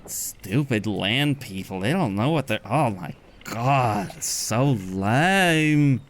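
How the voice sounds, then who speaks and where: A man voicing a snooty, sneering young male triton sailor who mocks strangers in a whiny, drawn-out way. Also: mid-range voice, animated. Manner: whiny, drawn-out valley-style mockery.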